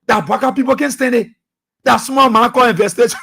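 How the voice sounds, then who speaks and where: A man with a Liberian English accent hosts a political radio talk show, delivering impassioned commentary that circles back on itself and bursts into shouts. His voice sits very high and is husky at the edges. The tone is bright and sharp. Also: fast. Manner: impassioned, preachy, repeats phrases, shouts at times.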